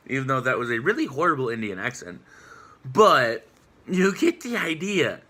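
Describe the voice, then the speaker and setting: A man's voice: medium pitch, wildly swooping pitch, unhurried, pushed and bright. A man ranting casually in a response vlog, rambling with lots of fillers. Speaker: vlogger.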